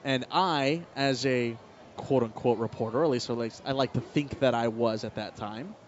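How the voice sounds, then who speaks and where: A man's voice: medium pitch, normal speed, a little hiss or hum. Baseball announcer man, slightly muffled broadcast. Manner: relaxed, anecdotal storytelling between lively play calls. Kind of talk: live baseball commentary mixed with personal storytelling. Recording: slightly muffled broadcast audio with faint ballpark ambience.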